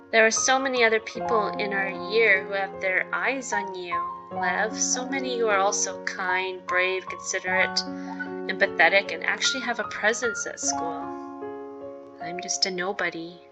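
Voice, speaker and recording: A woman's voice: medium pitch, measured pace, long pauses, over music, close to an everyday voice. Woman reading a shy, anxious teen girl. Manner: anxious, self-deprecating, earnest. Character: shy, nervous unpopular teenage girl. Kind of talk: reading visual novel narration.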